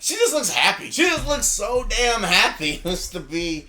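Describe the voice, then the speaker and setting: Lively high-pitched male podcast co-host. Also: normal speed. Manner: animated storyteller, laughs, swears. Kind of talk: casual chat.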